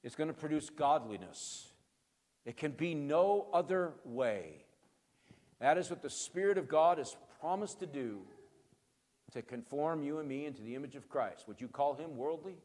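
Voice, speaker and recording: A male pastor giving an emphatic sermon, swinging between quiet and loud and answering his own rhetorical questions. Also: fairly high pitch, animated, normal speed, long reverb tail.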